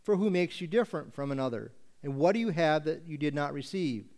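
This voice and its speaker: A male pastor preaching a sermon with emphatic, deliberate rhetorical questions. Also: fairly high pitch, lively intonation, a little mellow.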